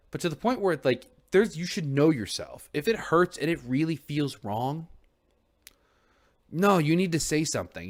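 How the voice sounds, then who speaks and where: A young man talking alone on his stream, candid and earnest, rambling with restarts and casual swearing. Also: on the low side. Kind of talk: reflective solo stream chat.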